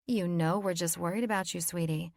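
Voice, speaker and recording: A woman narrator voicing a calm, motherly young woman who gently reassures a friend. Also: lowish voice, a little fast, creaky, dry recording, clean studio sound. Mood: concerned.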